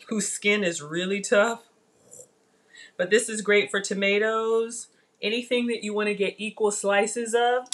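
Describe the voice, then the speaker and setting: A woman's voice: medium pitch, fairly bright tone. A woman hosting a casual live cooking stream, chatty and emotional, thanking viewers by name as she works. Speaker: cooking livestream host.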